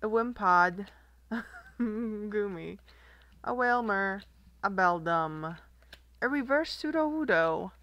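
Slow, giggly young woman vlogger. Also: mid-range voice, expressive, fairly bright tone, no echo, highs cut off. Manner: slow, giggly, reading card names aloud. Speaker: card collector vlogger. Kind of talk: casual unboxing chat.

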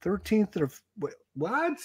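A man hosting a casual live stream, chatty and quick to tease his co-host. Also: high voice, big pitch swings, very noisy.

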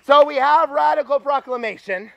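High-voiced young man preaching. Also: moderate pace, gravelly, muffled recording, noisy background. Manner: energetic, rallying the crowd. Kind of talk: sermon. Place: campus retreat gathering.

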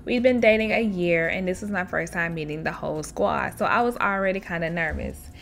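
A woman hosting a show where she reads online stories aloud and reacts to them in an expressive, chatty way, laughing often and talking straight to her listeners. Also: lowish voice, brisk, soft background music. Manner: chatty, addresses listeners directly. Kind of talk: casual storytelling with commentary.

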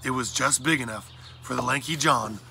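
A man reading a children's adventure story aloud in a plain, steady narration. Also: mid-range voice, moderate pace, vocal fry, slight background noise. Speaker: audiobook reader.

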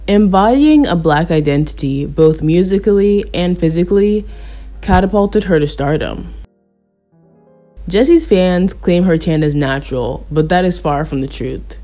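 A woman host narrates her commentary in a measured, critical voice. She reads from a script at an even, matter-of-fact pace. Faint music plays beneath her. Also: lowish voice.

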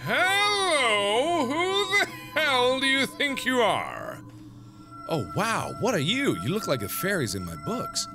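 A man's voice: very high-pitched, wildly swooping pitch, slow, music in the background, pitched above the performer's own voice, full character voice. A man voicing a curious, polite ten-year-old girl in a game, asking earnest questions. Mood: wondering. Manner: earnest, questioning, addresses others as sir.

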